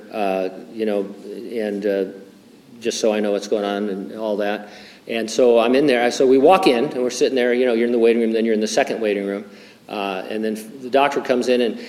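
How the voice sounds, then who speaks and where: A man's voice: fairly low pitch, darkish tone, long reverb tail. An older male pastor preaching a conversational sermon, full of fillers, restarts and wry humor. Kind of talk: sermon with Bible teaching.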